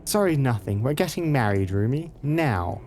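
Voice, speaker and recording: A man's voice: mid-range voice, lively intonation, normal speed, darkish tone, soft background music, close to an everyday voice. A man reading a bossy young mistress. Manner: blunt, bossy. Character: bossy young female lover.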